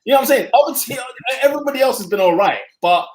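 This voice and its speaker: A young man talks football with high, lively swings in his voice. He sounds excitable and emphatic, tripping over restarts. The room rings noticeably around him. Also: rapid-fire. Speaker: podcast co-host. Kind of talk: casual football chat. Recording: roomy echo.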